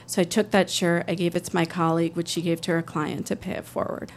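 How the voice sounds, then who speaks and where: A woman's voice: lowish voice, level tone, fast, slight background noise. A woman telling a personal story on stage, in an earnest, conversational way, briefly acting out other people's voices.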